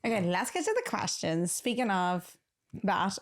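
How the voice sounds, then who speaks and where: A young woman hosting a casual podcast chat with her boyfriend, talking in a teasing, animated way. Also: mid-range voice, moderate pace. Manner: chatty, teasing, animated storytelling. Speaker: podcast host.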